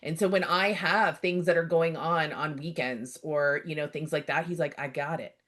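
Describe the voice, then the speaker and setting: A middle-aged Canadian woman, an outdoor educator, appears as a guest in a casual interview. She speaks in a deep voice at normal speed, a lively storyteller who acts out the dialogue she quotes.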